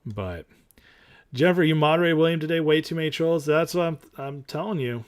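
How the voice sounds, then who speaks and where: A man's voice: fairly high pitch, a little fast. A man hosting a casual livestream, reading viewer comments and talking in an emphatic, rambling way. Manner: rambling and emphatic, with fillers and restarts. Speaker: livestream host.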